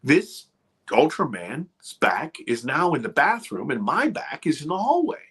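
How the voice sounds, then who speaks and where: Husky middle-aged guy spinning a dramatic story, voice drops low then jumps up, lots of restarts. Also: huge pitch swings, measured pace. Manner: dramatic, swings from loud to hushed, many restarts. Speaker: guest filmmaker. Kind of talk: animated storytelling.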